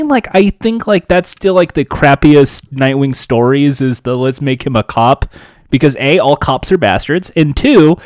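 A man talks through a casual podcast chat in a rambling, animated way. His pitch jumps all over the place and sits a little high. The sound is dry and close, with no room in it. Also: clear, resonant tone, no room sound. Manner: rambling, animated, laughs often.

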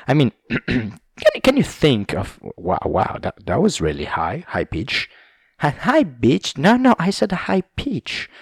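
A man's voice: low-pitched, gravelly, no echo, studio quality. A young man speaking English, hosting a casual, rambling solo podcast chat, swearing and laughing as he wanders between topics. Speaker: podcast host.

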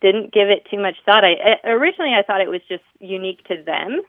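A woman's voice: medium pitch, animated, fast talker, no echo. Woman calling in over a tinny phone line. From Alaska, USA. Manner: friendly, hesitant, with fillers and repeats. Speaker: caller. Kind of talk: phone-in call to a radio show.

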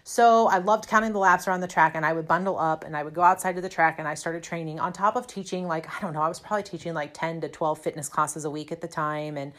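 Low-pitched and steady in tone, a bit bright, a fitness instructor talks quickly with few pauses as she tells a personal story in a chatty, self-deprecating manner full of fillers. Her home is a cold, snowy city.

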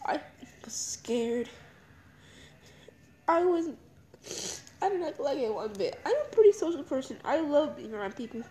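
A young woman crying as she talks through her feelings in a halting, repetitive confessional monologue. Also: high voice, sing-song, mellow, a little hiss or hum, poor audio. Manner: halting, emotional, repeats herself. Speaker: podcast host.

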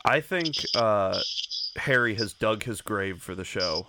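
A man's voice: on the low side, animated, slow, pushed and bright. A man co-hosting a podcast, blunt and sarcastic, swearing often in crude chat. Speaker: podcast co-host. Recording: faint background noise.

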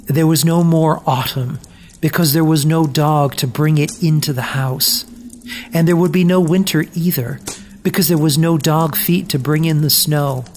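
A storybook narrator reading aloud gently and deliberately, with mournful pauses. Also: medium pitch, fairly even intonation, slight background noise.

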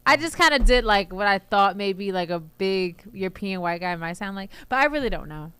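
A woman from co-hosting a casual sports podcast, talking in an animated way and often restarting her sentences. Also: mid-range voice, fairly quick, clear, resonant tone. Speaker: podcast co-host.

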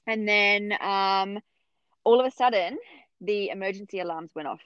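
A young woman telling a personal story in casual chat, acting out the other voices with big jumps in pitch. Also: normal speed, fairly bright tone, smooth, dry recording, highs cut off. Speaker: podcast guest telling her birth story.

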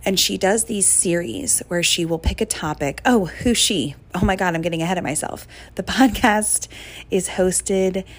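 A woman's voice: on the low side, normal speed. A young woman hosting a casual solo podcast, chatty and gushing with lots of fillers. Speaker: podcast host.

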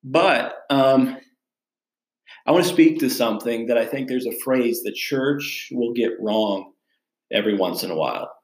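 A man's voice: mid-range voice, measured pace. A young adult man, a pastor and podcast host, casually telling a personal story in a candid, chatty, self-deprecating way. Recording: echoey room.

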